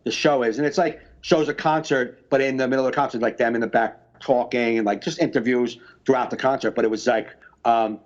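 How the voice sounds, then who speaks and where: Man, podcast co-host, casual rambling chat, animated storyteller, slightly dull lo-fi audio. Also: mid-range voice, fairly quick.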